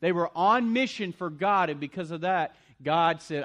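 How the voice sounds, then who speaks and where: A man preaching a sermon as pastor, swinging between loud punchy lines and quiet asides. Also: high voice, moderate pace.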